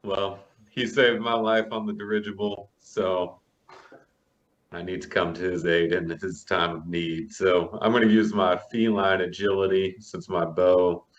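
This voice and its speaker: Slow, low-voiced laid-back male player. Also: fairly even intonation, muffled recording. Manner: laid-back, laughs often. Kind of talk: casual game chat.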